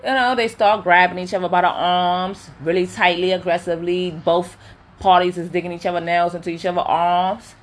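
A woman casually recapping a reality show, opinionated and animated, with lots of fillers. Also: fairly low pitch, brisk. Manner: chatty, opinionated, animated retelling with quoted voices; many fillers like um and you know. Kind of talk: casual chat.

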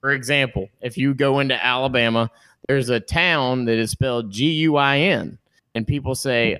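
A man's voice: mid-range voice, moderate pace, fairly bright tone, smooth, no room sound. A man co-hosting a sports podcast, folksy and joking. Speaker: podcast co-host. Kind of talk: casual sports chat.

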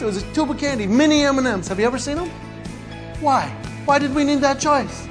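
A man's voice: very high-pitched, quick pace, over music. A man performing a stand-up comedy routine, animatedly acting out moms and kids as he tells stories. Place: large hall with live audience. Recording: reverberant hall, faint ambience.

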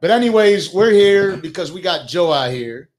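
A young man hosting a casual talk show, loud, joking and full of swearing. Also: high-pitched, expressive, moderate pace, noisy background. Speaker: podcast host. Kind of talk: casual chat.

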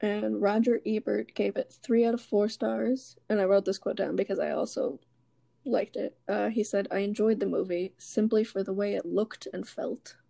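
A woman co-hosts a laid-back movie podcast, working through her notes with plenty of ums and asides. Her voice has a gravelly edge. The sound is dry and close, with no room echo. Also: medium pitch, steady tone, normal speed, dark tone. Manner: reads notes aloud with many ums. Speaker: podcast co-host. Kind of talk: casual chat.

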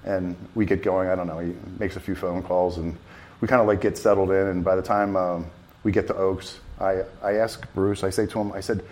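A man telling a long story in an interview, rambling and animated with many restarts. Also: low voice, a little fast. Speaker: festival volunteer driver.

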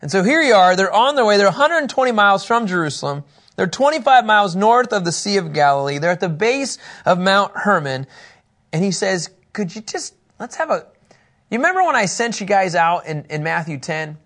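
A man teaching a Bible lesson in a room, animated and joking, acting out little scenes and talking with people in the room. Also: high-pitched, fairly quick.

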